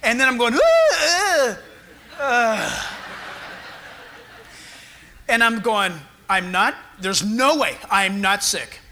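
A man's voice: sits high, unhurried, few pauses, sharp tone. A man, a pastor preaching a sermon, telling stories with acted-out voices and laughter.

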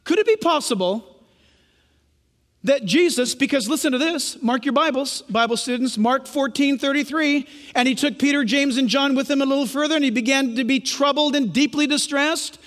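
A man's voice: extremely high pitch, moderate pace, fairly bright tone. A man preaching a sermon as pastor, emphatic and questioning the congregation. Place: church sanctuary. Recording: long hall reverb.

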